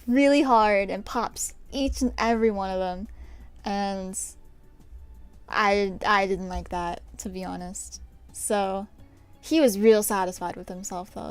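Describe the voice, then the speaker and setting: A woman's voice: mid-range voice, darkish tone, clean tone, no echo. A young woman streaming herself painting her nails, chatting with viewers in a rambling, self-deprecating way. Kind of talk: casual chat while painting nails on stream.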